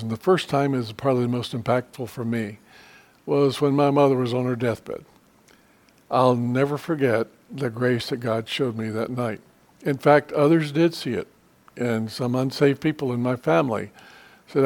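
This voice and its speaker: A man's voice: medium pitch, darkish tone. A middle-aged man teaching a church Bible study in an earnest, conversational way, with frequent restarts and fillers.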